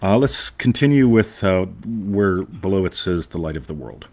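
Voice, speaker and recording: A man's voice: sits low, animated, moderate pace, a little mellow. A man co-hosting a live online show, talking in a jokey, digressive way and often asking "right?". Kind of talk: casual, rambling live-stream chat.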